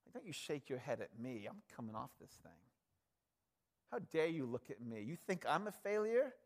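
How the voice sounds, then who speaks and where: Male preacher as an indignant, powerful man, low-voiced and challenging. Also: big pitch swings, normal speed. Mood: defiant. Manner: defiant, challenging, low and quiet. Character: indignant, all-powerful man defying his accusers.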